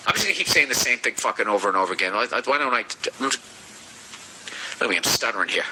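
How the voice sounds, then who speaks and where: Podcast host with a Boston accent, a man giving crude comic advice, forceful tone. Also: mid-range voice, fast, slight background noise, low-quality recording. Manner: profane, ranting, animated. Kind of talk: comedic advice rant.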